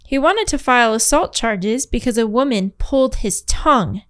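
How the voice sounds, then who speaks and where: A woman's voice: on the high side, expressive, normal speed, clean tone. A woman co-hosting a podcast in casual, giggly chat, reading out listener stories with lots of fillers. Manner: giggly, chatty, many fillers. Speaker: podcast co-host.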